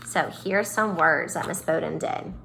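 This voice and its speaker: A woman teacher walks young children through a phonics lesson at an unhurried pace. Her voice is bright and clear, and she stretches and stresses each sound in a sing-song way. Faint room noise sits behind her. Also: sits low.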